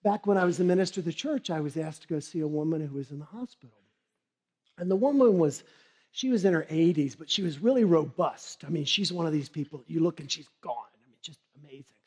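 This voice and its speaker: Middle aged guy doing a funny motivational keynote, lively storyteller acting out characters. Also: on the high side, quick pace. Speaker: keynote speaker.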